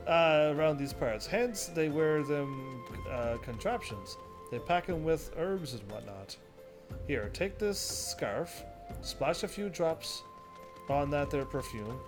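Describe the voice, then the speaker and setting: A man's voice: on the high side, expressive, slow, over music. A man doing a drawling folksy chocobo handler. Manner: reading quest dialogue aloud with hesitations.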